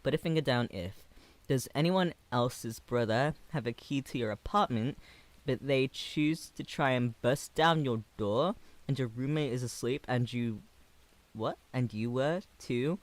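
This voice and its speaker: A man in his twenties, a livestreamer reading chat aloud in a gentle, affectionate way with hesitant pauses. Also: mid-range voice, dry recording. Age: 20s.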